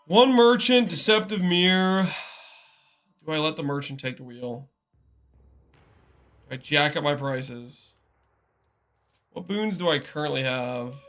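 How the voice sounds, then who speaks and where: A man's voice: a little high, lively intonation, unhurried, long pauses, a bit bright, soft background music. A man streaming a game live, chatting casually and reading out and answering viewer messages. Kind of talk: casual live-stream commentary while gaming.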